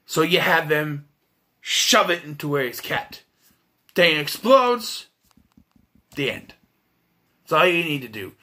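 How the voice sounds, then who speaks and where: Bright-voiced man giving a blunt review. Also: a little high, expressive, slow pace, long pauses. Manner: blunt and profane, with frequent restarts. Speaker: film reviewer. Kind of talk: casual spoken film review.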